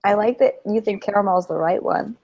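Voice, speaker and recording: A young woman in an easygoing podcast conversation, chatty and quick to tell a story, often laughing. Her voice sits at an ordinary pitch for a woman. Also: darkish tone, muffled recording. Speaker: podcast co-host. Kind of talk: casual chat.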